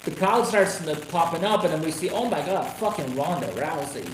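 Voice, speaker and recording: A man ranting on a casual live stream about wrestling, swearing constantly and rambling with sudden excited outbursts. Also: on the high side, fairly quick. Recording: echoey room with noisy background.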